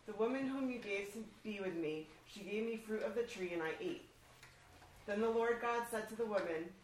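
A woman reads scripture aloud with a steady, measured delivery. She sounds set back from the microphone in a roomy, echoing space, with a faint hum of noise behind her. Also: medium pitch. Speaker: scripture reader. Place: large room at a church breakfast. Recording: echoey room from far off, faint background noise.

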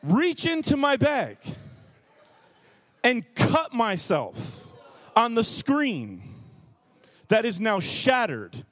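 A man's voice: extremely high pitch, huge pitch swings, drawn-out words, pauses often, fairly bright tone, dry recording. A man in his thirties, a pastor telling a funny self-mocking story in a sermon.

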